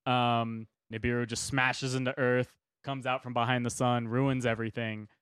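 A man's voice: mid-range voice, little pitch movement, moderate pace, fairly bright tone, smooth, no echo, clean studio sound. A man hosting a casual podcast, explaining a theory at length and joking and laughing often. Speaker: podcast host presenting the topic.

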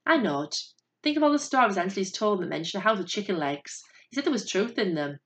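A woman narrating a story in a steady, measured voice. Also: on the low side.

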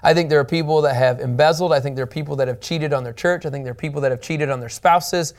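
A man's voice: a little high, fast. A man teaching the Bible as a pastor, earnest and emphatic, repeating his key points.

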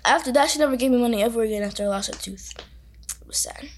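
A young woman co-hosting a casual podcast with a high, bright-sitting voice. She tells stories in an animated, chatty way, talking freely with a friend. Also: rapid-fire, slight background noise. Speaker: podcast co-host. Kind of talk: casual chat.

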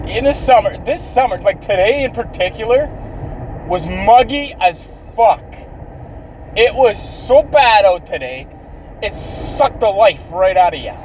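A man's voice: sits high, a little mellow, distant mic, a little hiss or hum, low-quality recording. A man in his thirties from Canada ranting outdoors in a bitter, profane way, swearing constantly.

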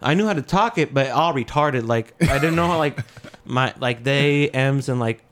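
A young man who works as a comedian, telling casual stories full of swearing and jumping into higher voices when he quotes other people. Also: moderate pace. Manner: animated, jumps into high-pitched voices for quoted people; swears freely, laughs mid-story. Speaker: comedian guest. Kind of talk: casual storytelling chat.

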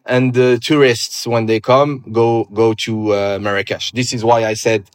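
A man in his thirties from Morocco with a Moroccan French accent, answering interview questions in a relaxed, hesitant way with many pauses. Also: mid-range voice, no room sound, studio quality. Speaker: guest. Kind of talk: casual interview conversation.

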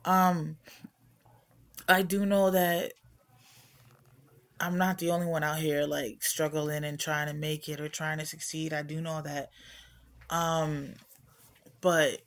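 A woman's voice: sits low, level tone, slow pace, long pauses. A middle-aged woman hosting her own podcast, talking casually and candidly in a rambling, self-reflective way from home. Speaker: podcast host. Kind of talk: casual personal talk.

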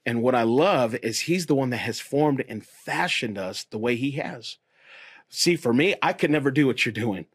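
A man, a pastor and host, talking earnestly and encouragingly about faith in a relaxed conversation. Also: medium pitch, normal speed, breathy edge, dry recording. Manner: earnest, encouraging, repeats phrases.

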